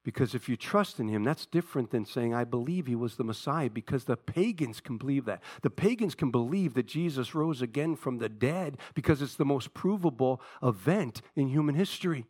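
A man preaching a sermon, telling a story from an old TV show in a conversational way and pausing to ask his congregation questions. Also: mid-range voice, lively intonation, a little mellow, husky, no echo, studio quality. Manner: conversational storytelling, retells a TV episode with asides to the congregation. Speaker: pastor.

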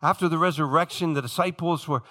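Brief: male pastor, high bright voice, lively sermon delivery, drops to hushed tones then shouts. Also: quick pace. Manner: animated, shifts from low hush to shouting; addresses congregation directly, acts out quoted speakers.

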